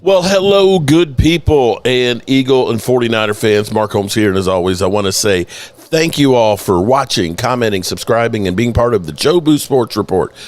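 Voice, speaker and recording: Lively, joking man hosting a sports stream. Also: mid-range voice, normal speed. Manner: loose, joking, profane, greets chat viewers by name. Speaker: host of a sports news channel. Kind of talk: casual live-stream sports talk.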